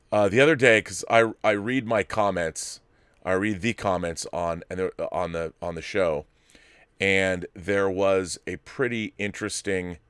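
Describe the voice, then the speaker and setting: A man's voice: lowish voice, fairly bright tone, clean tone, no room sound, clean studio sound. A man in his fifties hosting a live-stream show, chatting in a rambling way with many restarts. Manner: baby-talk voice to dogs. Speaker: host.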